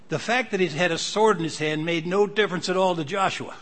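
A man's voice: sits high, moderate pace, long pauses, fairly bright tone. Older man preaching a scripture sermon. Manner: conversational Bible teaching, reads scripture aloud with rising emphasis.

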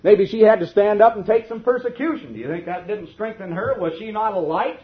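A man preaching a sermon, firing rhetorical questions and swinging between loud declarations and hushed asides. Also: sits high, animated, brisk, slightly rough, highs cut off. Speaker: minister preaching to a congregation.

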